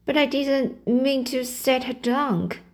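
A tearful young girl pours out her troubles in a slow, halting way, read aloud by a woman. The voice lifts a little higher than plain speech. It is a storybook reading. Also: darkish tone, a little hiss or hum. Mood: woeful. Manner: sobbing out a tale of woe, stumbling over words.

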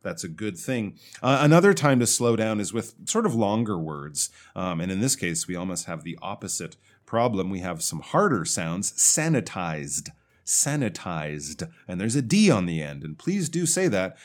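A male English teacher with a somewhat low voice gives patient feedback on submitted recordings. He explains things plainly and stretches out example words slowly to model how they should sound. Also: big pitch swings.

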